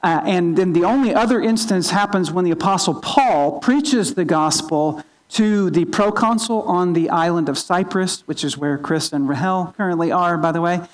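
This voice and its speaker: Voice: moderate pace, few pauses, poor audio. A pastor giving a sermon in an earnest teaching tone, often restarting and repeating small words. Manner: opens with a quiet, low spoken prayer.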